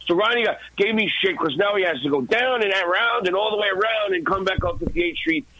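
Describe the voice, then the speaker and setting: A man, a guest and former radio intern, telling an animated, profane story in a podcast interview. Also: high-pitched, quick pace, no room sound, low-quality recording. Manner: profane, excited, acts out his own shouts.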